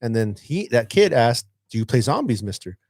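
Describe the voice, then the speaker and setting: A man's voice: medium pitch, moderate pace, no echo. A man who teaches, telling a story on a casual podcast and acting out his student's lines. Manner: animated, acts out a student's lines.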